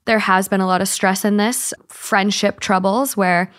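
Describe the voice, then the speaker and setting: A woman's voice: mid-range voice, fairly even intonation, measured pace, a bit bright. Earnest emotional woman podcast guest. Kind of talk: casual interview.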